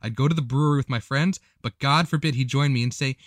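A man co-hosting a comedy podcast, reading an online post aloud in an animated way and breaking into laughs. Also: medium pitch, fast talker, no echo, clean studio sound.

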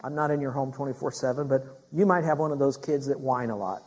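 A man's voice: medium pitch, fast talker, a little mellow, husky. A middle-aged man preaching a sermon, asking his congregation direct questions and building in intensity. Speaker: pastor.

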